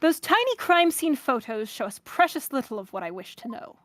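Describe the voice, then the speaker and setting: A woman's voice: a little high, animated, a little fast. A woman voicing a haughty, commanding man with a put-on transatlantic accent in a game playthrough. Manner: clipped, commanding, impatient.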